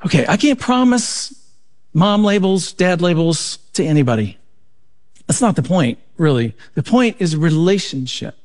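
A man speaking to a live audience, telling a family story and slowing down to make his point. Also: high voice. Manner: storytelling, animated, slowing for emphasis. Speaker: speaker at a marriage event. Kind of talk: recorded talk to a live audience.

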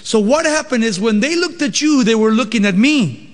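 A preacher voicing God, calmly scolding. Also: male voice, very high voice, normal speed, big-room sound, voice pushed up. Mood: patient rebuke. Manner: conversational, pointed rhetorical questions. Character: God, a patient, questioning male deity.

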